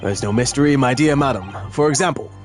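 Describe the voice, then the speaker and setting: A man's voice: mid-range voice, fairly quick, soft background music, natural voice. A man voicing a pompous, eccentric male detective in a video game, speaking in a lofty, theatrical, old-fashioned manner. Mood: smug. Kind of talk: video game voice-over dub.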